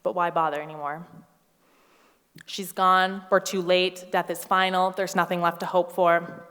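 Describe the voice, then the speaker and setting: A woman in her thirties preaching a sermon as a pastor, animated and storytelling, acting out voices with humorous asides. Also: lowish voice, unhurried, clean tone, in a large hall. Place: church hall.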